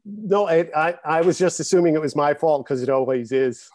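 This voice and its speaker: Laughing, animated man on a video call. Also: a little high, normal speed. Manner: animated storyteller, laughs often. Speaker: guest drummer. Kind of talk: casual chat. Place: home, in Connecticut.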